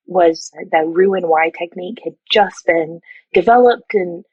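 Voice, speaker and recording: A middle-aged woman in a podcast interview, telling stories with a husky, lowish voice. She talks in a lively way, laughing and acting out what others said. The audio is dull and bone-dry, like a muffled remote call. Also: no room sound. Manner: lively, laughing, acts out quotes. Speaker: surgical technologist and educator, guest. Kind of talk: animated storytelling in a podcast interview.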